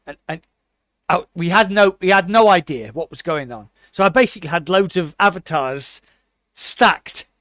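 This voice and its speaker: A British man co-hosting a casual podcast, telling a lively anecdote and briefly putting on the voices of the people in it. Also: sits high, no room sound, clean studio sound. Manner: animated storyteller, puts on quick voices for people he quotes. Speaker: podcast co-host.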